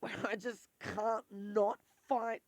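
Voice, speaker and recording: Woman, confessional vlog, gravelly fry in her voice, dry close sound, raw and sweary. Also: medium pitch, level tone, takes it slowly, a little mellow, no echo. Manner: raw, emotional, swears freely. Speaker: vlogger.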